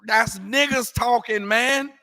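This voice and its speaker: A man's voice: very high voice, slow pace, sharp tone, no echo, clean studio sound, faint music behind. A man teaching a scripture class in an emphatic, repetitive way, using street slang and firing rhetorical questions. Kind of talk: preaching scripture commentary.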